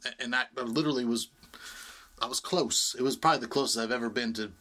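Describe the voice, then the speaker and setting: A middle-aged man chatting casually on a podcast, telling a story and swearing freely. His voice is bright and forward, pitched at an ordinary level. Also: fast. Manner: storytelling, swearing, laughs often. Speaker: podcast co-host.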